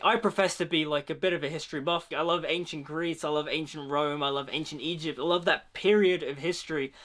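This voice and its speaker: A man with a slightly higher-than-usual voice talks through a film trailer in a loose, chatty way. His sentences lean heavily on "like" as he works out his thoughts, and his tone stays informal and conversational throughout. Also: a bit bright. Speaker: film reaction vlogger. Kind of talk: casual trailer reaction commentary.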